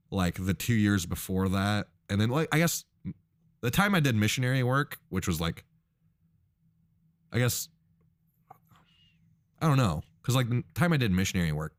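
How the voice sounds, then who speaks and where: Low-voiced rambling young man. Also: dry recording. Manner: rambling, many fillers and restarts. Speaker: podcast co-host. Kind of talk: casual chat.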